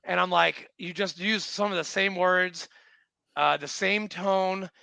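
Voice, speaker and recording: A man's voice: high-pitched, steady tone, a little slow, creaky, bright, forceful tone, clear, resonant tone, dry recording. A man hosting a casual podcast chat, joking and teasing with his guest.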